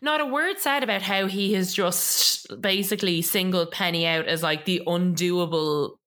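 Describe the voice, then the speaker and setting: A woman's voice: fairly low pitch, moderate pace. A woman co-hosting a podcast, telling the story in casual chat and acting out what people said. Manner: animated storyteller who acts out quotes. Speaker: podcast co-host.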